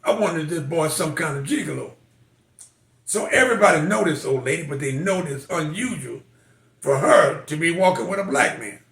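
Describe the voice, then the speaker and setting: A man's voice: fairly high pitch, expressive, normal speed, fairly bright tone, reverberant. An older man, a military veteran, telling personal stories in a folksy, emotional way. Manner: folksy, emotional storytelling with quoted voices. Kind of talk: personal storytelling.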